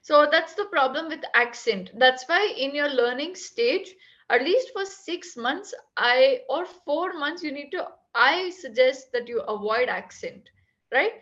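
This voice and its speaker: A woman guides a student through an online lesson in a high voice. She checks understanding often and encourages him. The call audio sounds a little dull. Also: animated, measured pace, a bit bright. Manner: encouraging, checks in with "right?" and "okay?". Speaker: English tutor. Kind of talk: online tutoring session.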